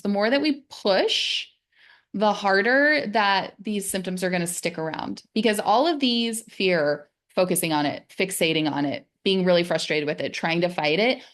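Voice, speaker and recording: A middle-aged woman, a wellness coach, giving a casual, gentle and encouraging talk about pain, sometimes dropping into soft, soothing self-talk. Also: fairly low pitch. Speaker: physical therapist and wellness coach.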